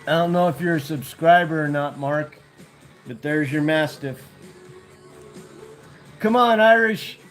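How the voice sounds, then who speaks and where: A man's voice: on the high side, measured pace, pauses often, a bit bright, faint music behind. Laid-back man chatting to his dogs. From United States. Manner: laid-back, talks to dogs and chat viewers. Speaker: vlogger. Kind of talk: casual livestream chat.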